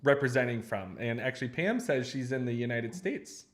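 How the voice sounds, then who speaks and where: A man's voice: medium pitch, lively intonation, normal speed. A man co-hosting a talk show, chatting casually with upbeat, laughing banter. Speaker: podcast co-host. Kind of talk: casual chat.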